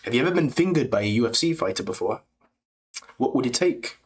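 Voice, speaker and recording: A man's voice: medium pitch, animated, fast, close to an everyday voice. A man doing an impression of a crude, joking male fighter with a put-on British accent. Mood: rowdy.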